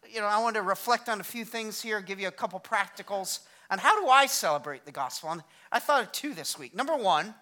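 A middle-aged male pastor giving a sermon in a conversational, energetic way, with self-deprecating humor. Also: high voice.

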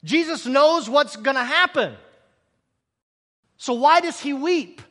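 A man's voice: very high-pitched, animated, takes it slowly, sharp tone, long reverb tail. A man preaching a sermon, acting out scripture scenes and asking rhetorical questions.

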